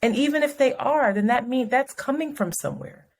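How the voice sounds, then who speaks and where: Woman co-host, casual chat, animated storyteller, frank and profane. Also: high-pitched, brisk, gravelly. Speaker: podcast co-host.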